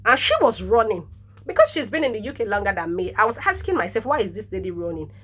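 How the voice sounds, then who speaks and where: A Nigerian woman in her thirties, a nurse, telling animated stories in a casual vlog, laughing often and dropping in pidgin interjections. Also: medium pitch, fast talker, husky. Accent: Nigerian English.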